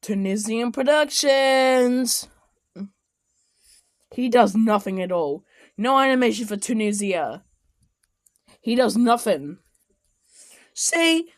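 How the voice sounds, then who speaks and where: Woman, casual reaction commentary, excitable, slow unhurried delivery, dry close sound. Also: a little high, no room sound. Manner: excitable, exclaims and shouts often. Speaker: video commentator.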